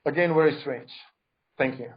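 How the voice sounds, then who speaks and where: Man, academic conference talk, critical and emphatic, slightly high voice, dull lo-fi call audio. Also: normal speed. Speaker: conference speaker.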